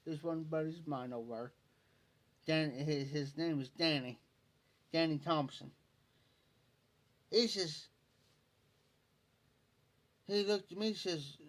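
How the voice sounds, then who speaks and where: A man's voice: on the high side, measured pace, pauses often. A man telling a long, rambling fishing story on a livestream in folksy rural speech, repeating "I said" over and over. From Ohio. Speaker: livestream host. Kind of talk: casual storytelling.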